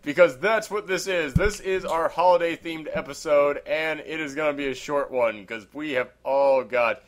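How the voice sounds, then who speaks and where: A man's voice: on the high side, normal speed, slight background noise. A man hosting a casual podcast chat, rambling and joking, with a habit of saying "anywho". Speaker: podcast host.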